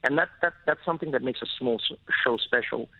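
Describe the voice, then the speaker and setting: A South African man, a comedian, is a guest on a radio interview. His speaking voice is mid-pitched, and he tells stories in a lively, animated way. The studio sound is dull and dry, with no room echo. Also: fast, creaky.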